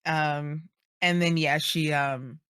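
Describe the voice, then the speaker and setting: A woman's voice: low voice, fairly even intonation, takes it slowly, fairly bright tone, smooth, no echo. A woman playing a tabletop role-playing game, chatty and hesitant with many fillers. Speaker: player. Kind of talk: casual tabletop play.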